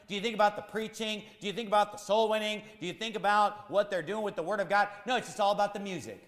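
A man's voice: high-pitched, steady tone, quick pace, fairly bright tone, echoey room, big-room sound. A man preaching a sermon as pastor, firing rhetorical questions in a repetitive, emphatic cadence.

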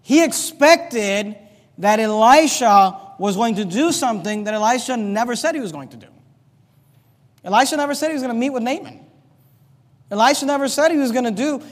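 A pastor delivers an animated sermon in a very high voice, reading scripture and playing out its characters. His words ring through a church hall with a long reverb tail. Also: normal speed. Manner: animated preaching, reads scripture aloud, acts out characters.

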